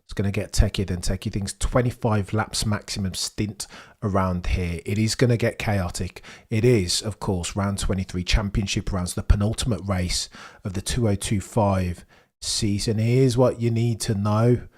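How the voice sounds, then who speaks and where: A young man hosts a live watchalong stream. He talks casually and excitedly to his chat, and his voice sits a little low. He jokes and riffs with the viewers as he goes. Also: moderate pace, slightly rough.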